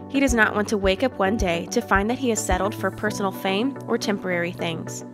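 A woman narrating a scripted devotional for children in a measured, even reading voice. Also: medium pitch. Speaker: devotional reader.

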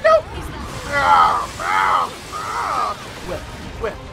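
A man giving loud, profane, excitable commentary while playing a video game. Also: sits low, extremely slow, creaky, crowd noise. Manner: loud, profane, yelling reactions. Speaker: gameplay commentator. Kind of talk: excitable let's-play commentary. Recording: game audio with music behind.

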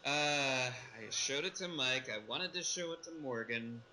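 Man, podcast co-host, rambling, self-correcting, bright tone, faint noise. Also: medium pitch, measured pace, rough recording. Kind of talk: casual podcast discussion.

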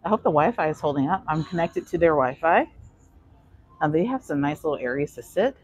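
A woman's voice: deep voice, lively intonation, a little fast, darkish tone, breathy edge, no echo, rough recording. A woman vlogger giving a chatty live walking tour of a cruise ship, answering chat questions, a little out of breath. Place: aboard a cruise ship, indoor decks.

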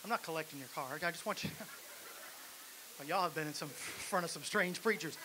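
High-voiced man preaching a sermon. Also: moderate pace. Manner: exhorting the congregation, building to shouts. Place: church sanctuary. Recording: hissy live church recording.

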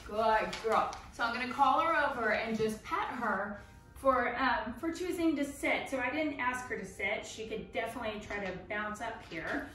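A woman dog trainer explaining a training session step by step in a chatty way, breaking into excited baby talk with the dog. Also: fairly high pitch, moderate pace. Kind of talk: instructional demonstration. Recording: very echoey room, voice from a distance.

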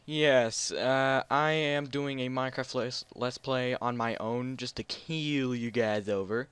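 A man narrates a casual let's play of a video game, rambling, unsure of himself, and self-deprecating as he describes what's on screen. His medium-pitched voice is slow and a bit bright, and the clean audio has no room sound.

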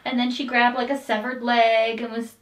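A woman co-reviewing a haunted attraction in casual chat, animated and upbeat. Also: a little high, normal speed, recorded from a distance. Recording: echoey room, a bit off-mic.

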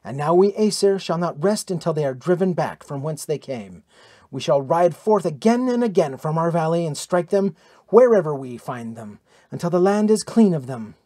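A man's voice: a little high, lively intonation, normal speed, mellow, no echo, clean studio sound. A man voicing a proud, passionate young warrior princess in an audiobook, earnest and commanding.

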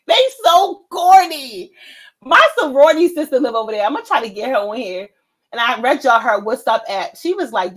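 A woman with a high, lively voice hosts a casual stream. She tells stories in a brash, animated way, roasting the people in them. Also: normal speed, husky, low-quality recording. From United States. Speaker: livestream host. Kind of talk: casual storytelling chat.

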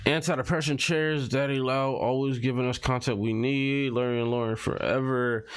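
A man's voice: medium pitch, fairly even intonation, moderate pace, clear, resonant tone, soft background music. A man casually reading social media posts and captions aloud, muttering and reacting as he scrolls. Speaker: commentary vlogger.

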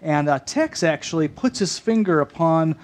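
A man hosting a faith talk show, halting and full of fillers. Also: fairly high pitch, animated. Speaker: host.

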